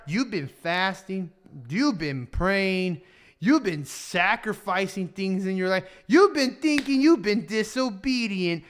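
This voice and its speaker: A man's voice: high-pitched, animated, takes it slowly. A young man preaching a casual sermon, slangy and joking, often laughing at his own jokes.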